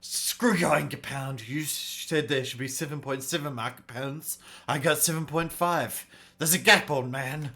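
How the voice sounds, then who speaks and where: A man's voice: a little high, unhurried, bright, forceful tone, voice pushed up. A man putting on a brash swearing wolf bandit. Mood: outraged. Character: angry male wolf bandit, gruff and rude.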